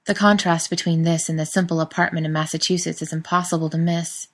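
Low-voiced woman narrating a story. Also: fairly even intonation, fast talker. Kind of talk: scripted narration.

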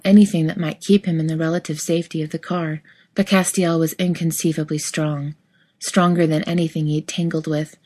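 Lady narrating a story, lowish voice, steady and even. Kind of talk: audiobook fiction reading.

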